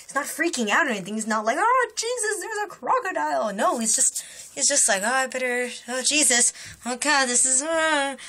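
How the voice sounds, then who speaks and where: A young woman with a bright, sharp tone tells a dream straight to her camera in easy, casual speech. When she quotes people, her voice leaps up high, so the telling sounds lively and full of little voices. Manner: animated storytelling with quoted voices jumping high in pitch. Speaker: vlogger. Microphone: camera mic.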